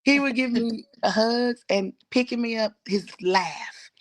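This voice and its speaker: A woman's voice: a little high, a little slow. A woman telling a heartfelt personal story as a guest, at times dropping to a whisper and at times pleading, with speech. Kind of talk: emotional personal testimony.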